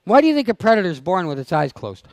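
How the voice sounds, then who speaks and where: A man's voice: high-pitched, sing-song, fast, no echo. A man leading a dog training seminar, blunt and teasing as he fires questions at his audience. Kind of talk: live seminar talk to an audience. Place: seminar room.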